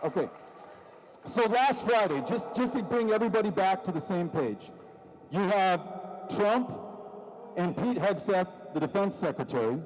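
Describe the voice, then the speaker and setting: A man with a fairly high voice delivers a political rally speech into a stage microphone. He mixes sarcasm with rising, impassioned emphasis. His voice trails into the long reverb of a large venue. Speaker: rally speaker.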